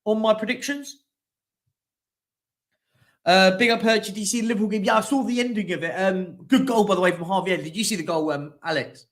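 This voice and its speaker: High-voiced chatty man. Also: a little fast. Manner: chatty, reads out team lists and shout-outs. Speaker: streaming show host. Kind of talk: casual live-stream chat.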